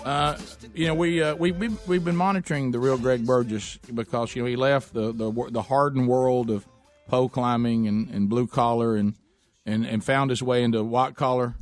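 Rambling radio co-host. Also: male voice, mid-range voice, steady tone, soft background music. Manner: rambling, halting restarts. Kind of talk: casual radio banter. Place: radio studio.

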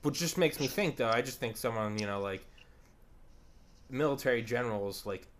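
A man's voice: mid-range voice, moderate pace. A man hosting a podcast in casual chat. He rambles and swears with enthusiasm. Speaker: podcast host.

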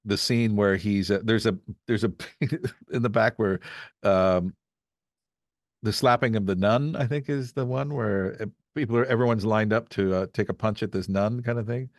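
Man from Canada, guest voice actor, lowish voice, loose rambling storyteller, dry close sound. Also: moderate pace, no echo. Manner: rambling, storytelling with acted-out quotes. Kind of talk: casual podcast chat.

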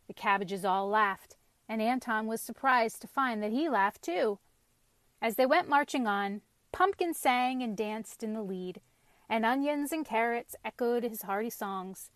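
A woman reads a children's storybook aloud, lively and expressive, with a fairly high voice. The recording is close and dry, with no room sound. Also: unhurried, dry recording. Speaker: narrator.

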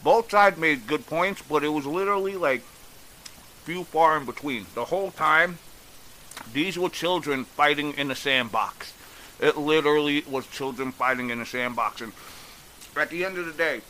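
Bright-voiced guy ranting, blunt and swearing, a bit high, faint hiss. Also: moderate pace, poor audio. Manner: exasperated, blunt, swears freely. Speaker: commentator. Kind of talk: casual opinion rant.

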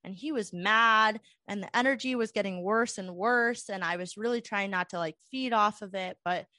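A woman's voice: mid-range voice, moderate pace, no room sound, studio quality. A young woman telling a long story in a casual, rambling chat full of "like" fillers. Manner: rambling, animated, many "like" fillers.

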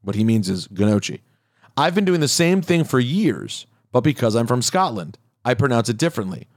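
A man's voice: medium pitch, sing-song, fairly quick, dry recording. Dry-voiced man reading listener mail. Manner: wry, reads letters aloud with asides. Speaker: podcast host.

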